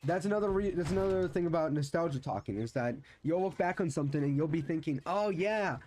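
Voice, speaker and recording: Young man, gaming streamer, fairly high voice, rambling casual chat, frequent restarts. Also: quick pace, mellow. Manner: rambling, nostalgic, many restarts.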